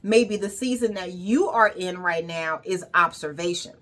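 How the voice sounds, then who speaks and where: A woman's voice: on the low side, unhurried, a bit bright. A woman wellness coach giving an emphatic, repetitive motivational monologue with casual swearing.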